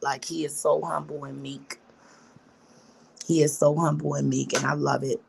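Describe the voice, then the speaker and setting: A woman's voice: sits low, little pitch movement, moderate pace, creaky, a little mellow, breathy edge. A middle-aged woman vlogging a candid story, with profane, emphatic and preachy talk.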